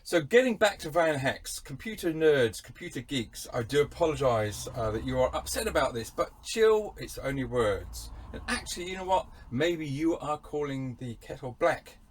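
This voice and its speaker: A man's voice: a little high, big pitch swings, normal speed, hardly any pauses, a little hiss or hum. A man with an English accent who hosts a van channel, delivering a wry, digressive, rambling monologue with a mock-pompous air. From England.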